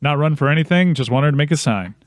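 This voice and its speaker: A man, a regular on a talk show, tells a wry story in casual chat with halting restarts. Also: on the high side, expressive, no room sound.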